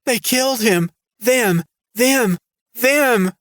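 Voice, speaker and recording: Guy doing a panicked woman screaming high and loud, terrified camp cook, sounds close and dry. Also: drawn-out words, no room sound, full character voice. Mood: panicked shrieking.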